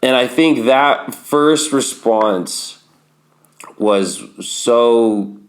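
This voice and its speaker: A man's voice: medium pitch, very slow. A man in his thirties, a podcast guest, telling a personal story in a candid, vivid way and acting out remembered dialogue.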